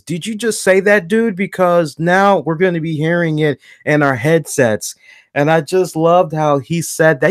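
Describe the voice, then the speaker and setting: Recorded dry and at studio quality, a man with a medium-pitched voice hosts a wrestling review show. His talk is loose and lively; he acts out how he reacted and keeps restarting sentences and repeating words.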